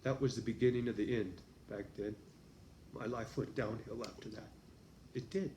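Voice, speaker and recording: A man's voice: on the low side, fairly even intonation, moderate pace, dark tone, reverberant, slight background noise. A man talking casually to his viewers in a rambling, profane vlog monologue, often laughing. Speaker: vlogger.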